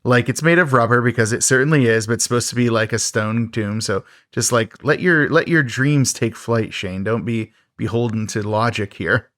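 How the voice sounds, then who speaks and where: In a loose podcast chat, a male co-host with a middle-range voice recaps a cheesy horror film, joking, chuckling, and mocking the props. He talks at normal speed with hardly any pauses in a fairly bright tone, and the sound is dry and close with no room echo.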